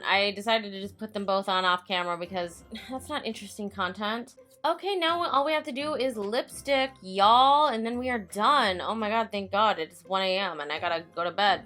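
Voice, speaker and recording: Bright-voiced chatty woman doing makeup. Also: medium pitch. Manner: chatty, self-mocking, swears freely; talks to herself as an onlooker. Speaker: makeup vlogger. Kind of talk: casual makeup tutorial voice-over.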